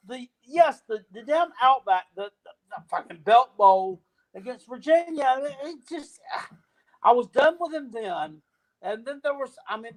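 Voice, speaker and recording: A man's voice: high voice, fairly bright tone. A man hosting a casual sports rant, profane and rambling, with frequent restarts and trailing thoughts. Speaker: podcast host.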